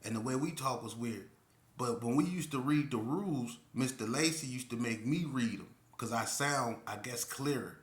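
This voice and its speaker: A man's voice: mid-range voice, moderate pace, roomy sound. A middle-aged man from Las Vegas telling a story in a loose, casual way, often saying "you know what I'm saying". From Las Vegas, Nevada.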